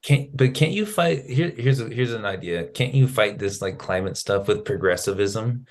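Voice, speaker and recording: Animated low-voiced man. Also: normal speed. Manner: animated, argumentative.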